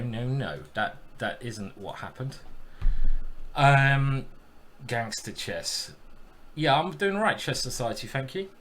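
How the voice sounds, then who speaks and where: A man's voice: lowish voice, a bit bright, a little hiss or hum. A man giving casual live-stream commentary while playing chess, chatty and thinking aloud.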